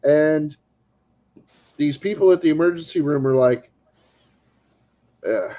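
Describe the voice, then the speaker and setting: A man in a casual stream with a voice pitched a little above the usual. He rambles through a story with restarts and acts out the people in it. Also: moderate pace, rough recording. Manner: animated, acts out quoted people.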